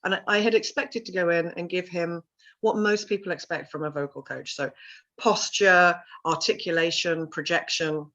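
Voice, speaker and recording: Lively storytelling woman, lower voice, dull lo-fi sound. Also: moderate pace. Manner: animated storyteller, acts out voices in quotes. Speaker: vocal confidence coach and sound healer. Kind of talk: interview storytelling.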